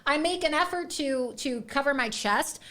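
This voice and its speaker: A young woman hosts her own show and delivers a fiery monologue straight to camera. Her voice sits high and bright, and she is sarcastic, defiant and blunt, with profanity and quick laughs between jabs. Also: animated. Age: young adult. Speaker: host of an online political show. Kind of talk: angry political monologue to camera.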